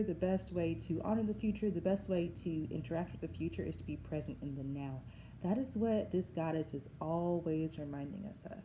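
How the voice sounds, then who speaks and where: A woman's voice: fairly low pitch, mellow. A woman, giving an effusive, musing spiritual tarot reading. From Southern United States. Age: 40s. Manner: musing, effusive, often calls things wild. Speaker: tarot reader. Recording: echoey room with background noise.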